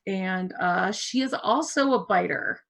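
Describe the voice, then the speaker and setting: A woman describes her game character in an easygoing, casual way over a video call. She takes her time and talks at an unhurried pace. Her voice sits at an ordinary middle pitch. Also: creaky, fairly bright tone. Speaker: player.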